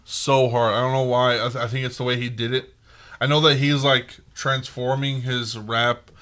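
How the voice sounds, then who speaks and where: Young guy hosting a podcast, bright voice, swears a lot, goes off on rants. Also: mid-range voice, moderate pace. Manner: swearing, joking, animated rants. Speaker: podcast host. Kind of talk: casual chat.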